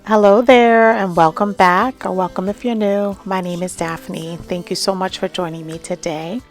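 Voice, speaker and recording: A woman's voice: mid-range voice, steady tone, moderate pace, soft background music. A woman hosting a home and garden vlog, talking casually and enthusiastically while showing her porch outdoors. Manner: enthusiastic, chatty with fillers.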